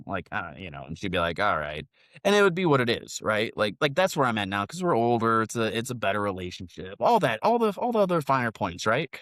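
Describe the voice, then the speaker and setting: A man in his forties tells long stories on a podcast, cursing freely and wandering from point to point. His pitch swings widely as he gets worked up, and the sound is close and dry with no room around it. He talks in a loose, casual way. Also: no room sound. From United States. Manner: profane, rambling, animated storytelling. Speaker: podcast co-host. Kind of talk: casual storytelling chat.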